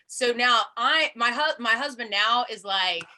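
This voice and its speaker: A woman host talks over a video call with a bright, forceful voice, sitting a bit higher than most women. She tells animated stories and laughs easily along the way. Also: unhurried. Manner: animated storyteller, laughs often. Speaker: radio host. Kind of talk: casual video call chat.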